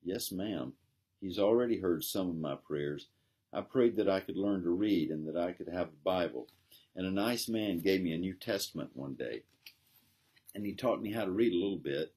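A man's voice: sits low, normal speed, darkish tone, breathy edge. A man voicing a sad, earnest little chimney-sweep boy in a read-aloud story. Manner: earnest, tearful.

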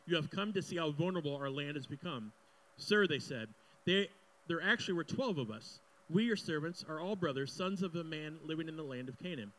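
A young male pastor delivers a sermon, reading a scripture passage aloud. Between readings he drops into casual, joking asides with the congregation. His voice sits a little on the high side. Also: fairly bright tone, poor audio.

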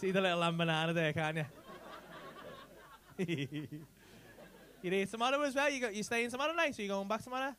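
A man's voice: sits high, a little fast, long pauses, a bit bright, a little hiss or hum. A man doing crowd work in a comedy club, teasing audience members with cheeky, sweary banter into a handheld mic. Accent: English. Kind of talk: live stand-up crowd work. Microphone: handheld stage mic.

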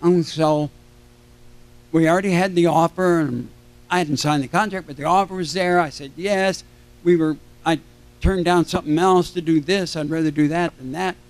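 Older man spinning lively stories. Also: fairly high pitch, moderate pace. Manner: animated anecdotes, acting out quoted voices. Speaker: convention panel guest. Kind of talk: storytelling to a live audience. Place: convention stage.

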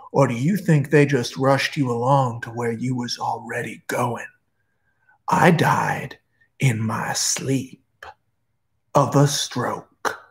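A man putting on a slow, hushed old hell guard. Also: gravelly, exaggerated voice. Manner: slow, low, hushed and accusing. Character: dead old male mall guard guarding hell's gate, bitter.

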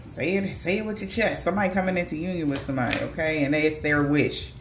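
A woman's voice: low-pitched, quick pace, background noise. A woman doing a casual tarot reading for viewers, talking bluntly in slangy, profane speech with laughing asides. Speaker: tarot reader. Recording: echoey room.

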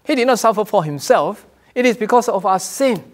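This pastor speaks fairly quickly in a high voice with lively intonation. His sermon is earnest, full of repeated and restarted phrases, and he raises his voice whenever he quotes cries from scripture.

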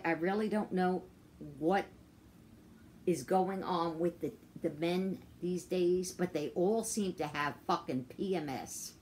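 A woman ranting casually into her phone, frustrated and profane, halting with many fillers. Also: lowish voice, darkish tone. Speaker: vlogger. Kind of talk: casual rant to camera. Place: outdoors on a walk.

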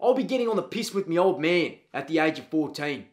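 Comedy sketch: man putting on a pushy Australian gym teacher, loud, high, blunt, mate in every line. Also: animated, brisk, close to an everyday voice. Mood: nosy.

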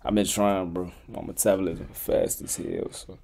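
Laid-back slangy streamer. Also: male voice, deep voice, fairly even intonation, moderate pace, gravelly, a little mellow. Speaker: streamer reacting. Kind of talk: live reaction commentary.

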